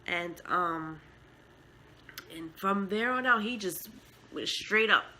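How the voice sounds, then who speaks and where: A woman's voice: medium pitch, slow, sharp tone, slight background noise, rough recording. A mother telling her own story in a casual vlog, heartfelt and emotional, with many fillers. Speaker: mother and vlogger.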